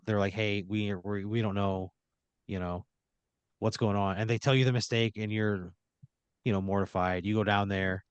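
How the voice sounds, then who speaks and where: Deadpan low-voiced man spinning a comic tale. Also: clear, resonant tone, no room sound, lo-fi sound. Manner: deadpan second-person narration with drawn-out phrases. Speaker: podcast host spinning a scenario. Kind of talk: improvised comedic storytelling.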